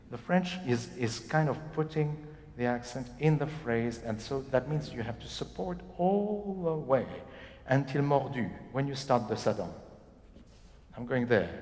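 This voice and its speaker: A man coaching a singer in a masterclass. His voice sits at an average pitch and carries the long reverb of a concert hall. He explains in animated bursts and keeps acting out the phrasing himself. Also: slight background noise. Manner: animated, demonstrating phrases by speaking and singing them.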